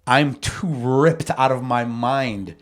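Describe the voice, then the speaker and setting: A man hosts a podcast in an easygoing middle-pitched voice. He tells a story in rambling, profane slang with plenty of animation. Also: takes it slowly. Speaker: podcast host. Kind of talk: casual storytelling.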